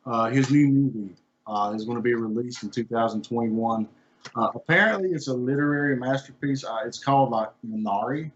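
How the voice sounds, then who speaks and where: A man's voice: mid-range voice, brisk. Joking podcast co-host man. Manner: playful, dramatic teasing. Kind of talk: casual podcast chat. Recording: slightly dull lo-fi audio.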